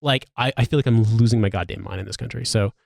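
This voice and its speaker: A man's voice: fairly low pitch, fairly even intonation, quick pace, gravelly, a little mellow, no echo, studio quality. Profane American man ranting on a podcast. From United States. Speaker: podcast host. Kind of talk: casual podcast chat.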